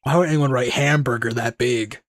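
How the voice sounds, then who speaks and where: A man voicing a young male lawyer in a game playthrough, dropping his voice lower in a dry, wry manner. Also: steady tone, fairly quick, close to an everyday voice.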